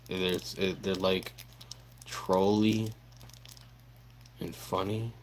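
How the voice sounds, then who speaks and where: Young man, livestreamer, slow drawl and low voice, relaxed swearing chat, faint room hiss. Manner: laid-back, swearing, laughing at chat.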